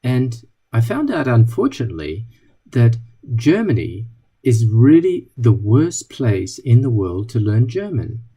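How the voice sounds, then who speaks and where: A man's voice: mid-range voice, sing-song, a little slow, mellow, slightly rough. A man giving a talk to an audience, telling wry anecdotes and acting out little dialogues. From not British.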